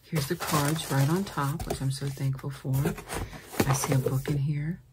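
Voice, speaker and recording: A woman doing a whispered ASMR mail opening, switching between soft whispers and quiet speech and drawing out her words. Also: low voice, steady tone, heavy background noise. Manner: slow, drawn-out words. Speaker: ASMR creator.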